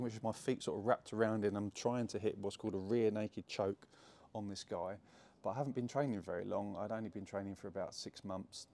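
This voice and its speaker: Speaking in a somewhat low, slightly mellow voice, a young jiu-jitsu gym owner chats to the camera about something that happened to him. His telling is casual and loose, packed with fillers and restarts.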